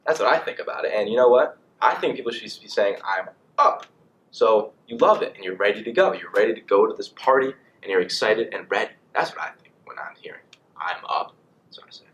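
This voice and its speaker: A young man in college vlogging casually, rambling and animated with lots of fillers. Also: lowish voice, brisk, highs cut off. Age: young adult. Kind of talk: casual monologue to camera.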